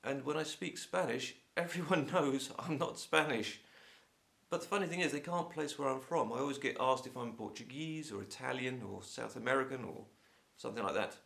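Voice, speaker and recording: Gravelly Home Counties Englishman, stuffy-nosed. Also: mid-range voice, normal speed. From England. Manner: chatty, opinionated, lively. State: sore throat and blocked nose. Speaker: English teacher. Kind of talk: casual talk to camera.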